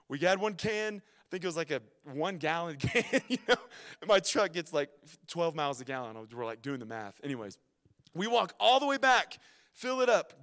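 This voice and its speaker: A young adult man preaching a sermon, telling a story with lively swings from loud to hushed, stumbling and restarting often. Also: high voice, long reverb tail.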